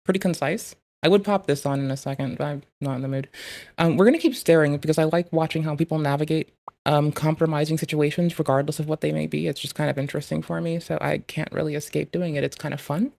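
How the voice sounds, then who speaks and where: A woman's voice: sits low, steady tone, fast, gravelly, dark tone. A woman streamer chatting casually, rambling and swearing with self-mocking humor while reading old newspaper ads aloud.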